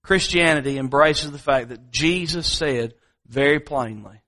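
Slow, emphatic preacher man. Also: on the high side, bright, forceful tone. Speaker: pastor. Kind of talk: sermon.

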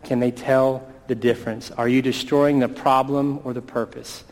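A man in his thirties preaching a sermon, earnest, slowing down to stress key words. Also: medium pitch, little pitch movement, a little mellow, big-room sound, rough recording. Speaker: pastor.

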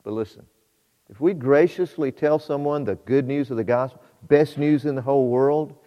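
A man preaching a sermon, shifting between quiet storytelling and loud, fervent exhortation to his congregation. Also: medium pitch, moderate pace. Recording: muffled hall with long reverb.

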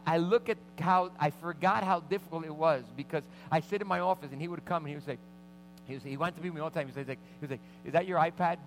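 A middle-aged man preaching as pastor, telling a lively personal story and acting out the voices of the people in it. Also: high voice, slight background noise, rough recording. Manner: animated anecdotes with vivid quoted voices. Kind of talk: sermon storytelling.

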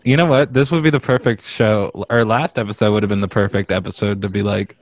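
A man's voice: lowish voice, steady tone, quick pace. A man hosting a podcast in casual chat, joking, laughing often and trailing off into fillers. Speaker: podcast host.

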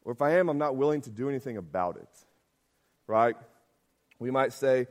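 A man's voice: mid-range voice, expressive, fairly quick, pauses often. A man preaching a sermon as pastor, talking conversationally, often asking "right?" and acting out quotes.

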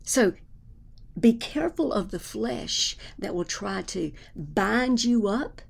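A woman delivers a fervent sermon in a gravelly voice with a noticeable fry. She swings from emphatic preaching down to hushed, whispered prayer. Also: on the high side, animated, slow.

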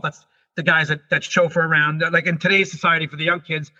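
A middle-aged man, a guest on an interview show, telling a story in a rushed, animated way and often restarting his sentences. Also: fairly high pitch. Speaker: guest, comedian and paranormal investigator. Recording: dull lo-fi recording.

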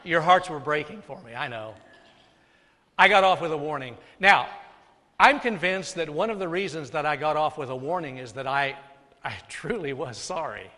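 Male pastor, slightly high voice, preaching with soft dips and loud peaks in a reverberant sanctuary. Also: expressive, moderate pace. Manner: dynamic preaching, drops soft then rises loud. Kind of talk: sermon. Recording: long hall reverb.

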